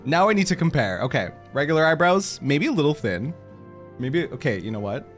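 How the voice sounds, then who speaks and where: A male game streamer chats casually with his viewers, his voice swooping up and down as he jokes at his own expense. He laughs often between remarks. Soft game music plays faintly in the background. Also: fairly high pitch, big pitch swings, fairly quick. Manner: giggly, self-mocking, laughs a lot.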